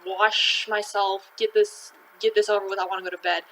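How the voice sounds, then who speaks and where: A man's voice: high-pitched, flat delivery, normal speed, sharp tone, slight background noise, low-quality recording. A woman voicing Simon, a worn-out fisherman who talks plainly and gets exasperated. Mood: fed up. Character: weary fisherman Simon, a grown man.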